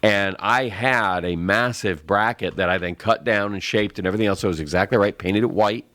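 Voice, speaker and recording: A man's voice: on the low side, a little fast, a bit bright, no room sound. A man co-hosting a tech talk show, rambling through a home repair story step by step at a desk microphone. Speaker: co-host. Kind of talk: casual chat.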